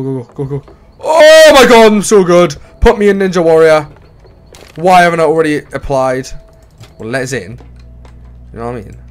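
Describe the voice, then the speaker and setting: A man doing casual let's play commentary on a horror game, excitable and bursting into shouts. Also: a little high, normal speed, pauses often, clear, resonant tone. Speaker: gaming YouTuber.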